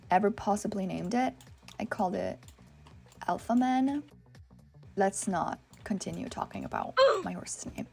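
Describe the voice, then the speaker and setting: A young woman hosting a gaming channel, chatting excitedly and reacting to viewer submissions with lots of "oh my gosh". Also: mid-range voice, gravelly, slightly rough. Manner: reads viewer submissions aloud and reacts to them. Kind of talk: casual gaming commentary.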